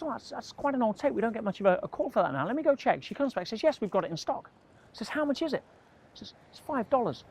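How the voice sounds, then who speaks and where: A motivational speaker tells a personal story straight to camera, slipping into different voices for each person he quotes. His voice sits a little high for a man, and a faint ambience hums under it. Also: a little hiss or hum. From England. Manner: animated, acts out dialogue in quoted voices.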